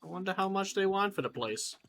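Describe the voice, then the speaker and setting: A man's voice: sits high, expressive, fairly quick, vocal fry, fairly bright tone, a little hiss or hum. A man giving let's-play commentary, chatty and wry, talking to himself as he explores. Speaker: gamer.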